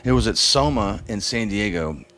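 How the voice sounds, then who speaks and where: A man's voice: lowish voice, animated, moderate pace, a bit bright. Laid-back man telling rambling stories. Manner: loose, profane, rambling storyteller who acts out quoted voices. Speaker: drummer, interview guest. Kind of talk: casual storytelling interview.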